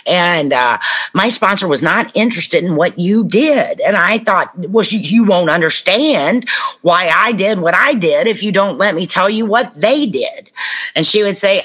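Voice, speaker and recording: A woman from Kentucky giving a personal recovery talk, telling stories with lively acted-out dialogue. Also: on the low side, measured pace, slightly rough. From Kentucky, USA. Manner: animated storytelling, acts out quoted voices. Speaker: speaker at a recovery convention. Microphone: online talk.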